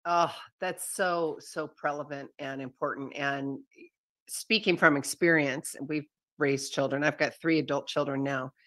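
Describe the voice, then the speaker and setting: A middle-aged woman hosts a podcast interview. Her voice is low and dry. She talks in a chatty way, with playful asides. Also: steady tone, a little slow, a bit bright, no room sound. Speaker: podcast host.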